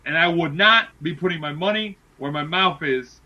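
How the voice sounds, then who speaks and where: A man co-hosting a casual podcast, making wrestling predictions and talking in excited, emphatic bursts that repeat words. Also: a little high, normal speed, dull audio. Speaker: podcast co-host.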